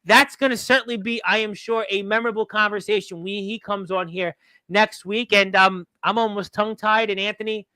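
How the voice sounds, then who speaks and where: A man's voice: sits high, fairly even intonation, fairly quick, bright, forceful tone, clean tone, no room sound. A man hosting a talk radio show, rambling along with lots of "um" fillers.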